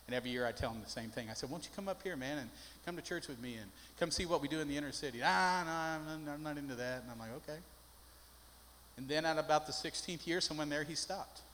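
Older pastor guy preaching, high voice, folksy storyteller, big echoey church. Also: fast talker, a bit bright, a little hiss or hum. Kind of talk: sermon. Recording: long hall reverb.

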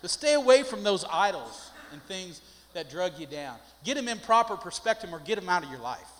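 Older male pastor, high-pitched, folksy and emphatic, recorded in a reverberant sanctuary. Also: very animated, fairly quick, fairly bright tone. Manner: folksy storytelling, rising to emphatic preaching. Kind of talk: sermon. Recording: long hall reverb.

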